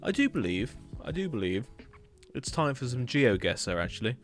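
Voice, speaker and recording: A man's voice: medium pitch, big pitch swings, normal speed, soft background music. A young man with a Hampshire accent, chatting casually and rambling as he reviews viewers' builds on a live stream, repeating his words as he goes. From England.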